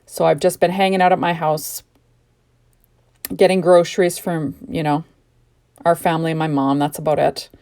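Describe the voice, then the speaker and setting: Middle-aged woman from Canada, lower voice, drowsy and gushing, casual crafting chat. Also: flat delivery, normal speed, pauses often, a little mellow, clear, resonant tone. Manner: chatty and gushing, rambling asides. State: sleepy, yawning. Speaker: card-making crafter. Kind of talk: casual crafting tutorial narration. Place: home craft desk.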